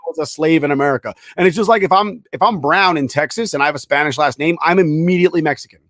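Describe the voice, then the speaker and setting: A man co-hosting a podcast in casual, argumentative chat, pushing his point with long examples. His voice is a bit high for a man. The recording is close and dry, with little room sound. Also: fast talker, a bit bright, dry recording. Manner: insistent, argues with long examples. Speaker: podcast co-host.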